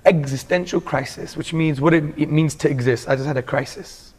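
An earnest man from England shares his life story in a relaxed sit-down conversation. His voice sits a little high for a man and he talks with lively, heartfelt energy, slipping into casual "bro"s as he goes. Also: brisk, slightly rough. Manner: animated, earnest, calls the listener "bro".

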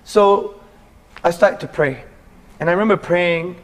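A man from England telling the story of his conversion in a casual interview, earnest and animated, often calling the listener "bro". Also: high voice, measured pace.

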